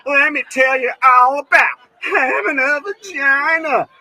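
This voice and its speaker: A man putting on a mocking high voice of a crude woman stand-up comic, loud and exaggerated. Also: a little slow, exaggerated voice, low-quality recording.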